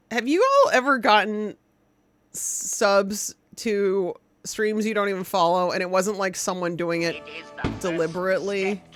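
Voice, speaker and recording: An excitable woman streamer chatting casually with her viewers, giggly and gushing. Her voice sits at a middle pitch and sounds close and dry. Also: dry recording. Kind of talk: casual live-stream chat.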